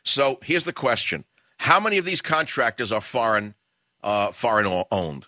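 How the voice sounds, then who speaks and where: A man's voice: medium pitch, normal speed, pushed and bright, dry recording, lo-fi sound. A male talk radio host delivering a combative, ranting monologue full of rhetorical questions.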